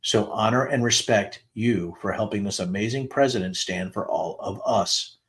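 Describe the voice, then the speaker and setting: A middle-aged man with a lowish voice reads text messages aloud on his show, stating each date plainly before rising into the quoted lines. He drops in the odd dry aside between messages. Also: normal speed. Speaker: podcast host reading text messages aloud. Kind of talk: dramatic reading of texts with asides.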